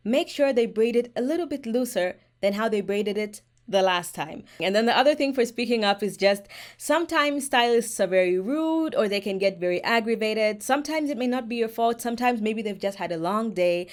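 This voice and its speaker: A woman's voice: a little high, expressive, a little fast. A woman vlogging hair care tips straight to camera, frank and emphatic as she gives advice to viewers. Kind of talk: direct-to-camera advice vlog.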